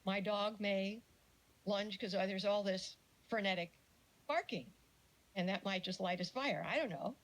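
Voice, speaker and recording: A woman's voice: medium pitch, poor audio. A woman giving a casual mini lecture, telling stories and acting out the voices she quotes. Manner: storytelling, acts out quoted voices.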